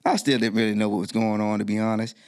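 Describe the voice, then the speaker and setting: Man, middle-aged, gravelly, animated storyteller, podcast interview guest. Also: quick pace. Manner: animated storyteller, voice jumps high when quoting himself.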